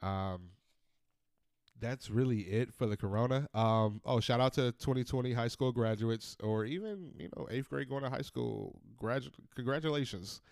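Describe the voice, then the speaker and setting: A man in his thirties hosting a podcast, ranting in a casual, profane, animated monologue. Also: medium pitch, normal speed, creaky, no room sound, studio quality. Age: 30s. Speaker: podcast host.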